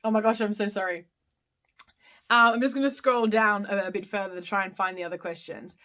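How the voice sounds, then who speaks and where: A woman's voice: medium pitch, fairly even intonation, fairly quick, fairly bright tone. A woman in her thirties with an Australian accent, hosting a casual live-stream Q&A where she reads out comments and answers them, often giggling. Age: 30s. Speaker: live Q&A host.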